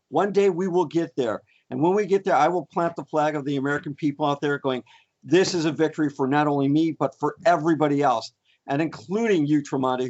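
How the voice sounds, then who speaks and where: A man's voice: a little high, close to an everyday voice. A man playing a boastful mock senator who rambles with fillers and brags in a comedy debate podcast, recorded on dull lo-fi audio.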